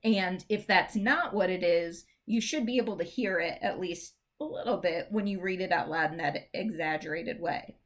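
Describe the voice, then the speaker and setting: Woman teacher explaining poetic meter. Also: on the low side. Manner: explains patiently, reads verse lines slowly with stressed beats; chatty, informal fillers and restarts. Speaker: English teacher. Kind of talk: recorded classroom lesson.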